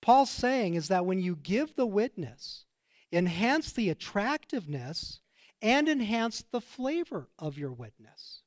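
A middle-aged pastor preaching with earnest emphasis and a slightly higher-than-usual man's voice. He leans into his points and tells personal stories along the way. The sound is dry and close, with little room echo. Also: sing-song, a little slow. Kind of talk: sermon.

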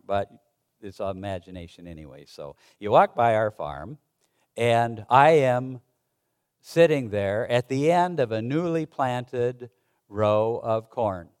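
A man, a pastor, preaching a sermon in a halting, conversational way with many restarts, reading old-fashioned scripture aloud. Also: on the low side, clear, resonant tone.

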